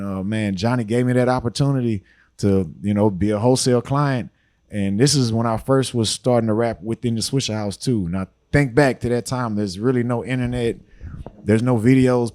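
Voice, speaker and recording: A man in his forties with an easy drawl, rambling through stories as a podcast guest. His voice sits at a middle pitch, neither deep nor high. He talks in loose, relaxed runs, often dropping in "you know.". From Houston, Texas. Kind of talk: storytelling interview talk.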